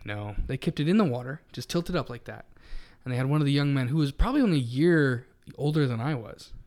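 A man's voice: medium pitch, lively intonation, fast talker, a little mellow. A man co-hosting a podcast, telling a long story in a casual, rambling way with frequent restarts. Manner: rambling, self-correcting storyteller. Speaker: podcast co-host.

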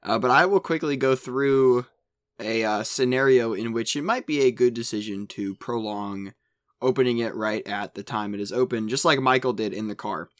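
A young man co-hosting a podcast, talking in a relaxed, explanatory way. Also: mid-range voice, normal speed, no room sound, clean studio sound. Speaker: podcast co-host. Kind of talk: casual podcast chat.

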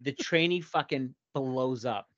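This podcast co-host spins a lengthy, foul-mouthed yarn full of acted-out characters in a relaxed storytelling chat. He speaks at a measured pace in a mid-range, slightly bright voice. There's no room sound, and the podcast audio is dry, dull and lo-fi.

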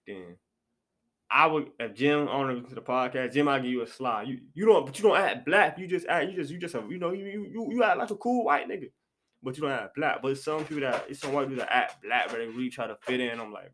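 A man's voice: mid-range voice, animated, fast talker, a bit bright, slight background noise. Slangy young man hosting a podcast. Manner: loose, slangy, repeats phrases. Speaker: podcast host. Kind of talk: casual chat.

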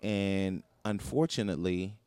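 A man's voice: deep voice, unhurried, a little mellow, clean tone, no echo. A man co-hosting a casual podcast chat, earnest and reflective, speeding up when he quotes other people. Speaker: podcast co-host.

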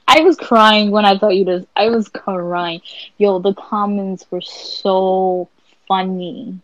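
A woman co-hosting a podcast, telling stories in a blunt, profane, animated way. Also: mid-range voice, measured pace, no room sound, muffled recording. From Latina. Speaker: podcast co-host. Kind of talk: casual chat.

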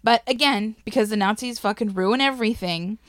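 A woman's voice: fairly high pitch, brisk, no echo. A woman casually telling a history story to a co-host, swearing freely, laughing and getting emotional.

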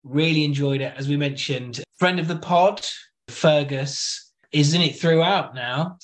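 A man's voice: a little high, a little slow. A man co-hosting a casual TV podcast, with dry jokes between his opinions. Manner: dry, joking. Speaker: podcast co-host. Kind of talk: casual chat.

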